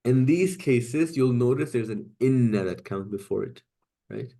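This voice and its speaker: Gravelly man teaching a class. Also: mid-range voice, lively intonation, unhurried, mellow. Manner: explains step by step with frequent checks like "right?" and "okay?". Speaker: Quranic Arabic teacher. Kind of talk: online class lecture.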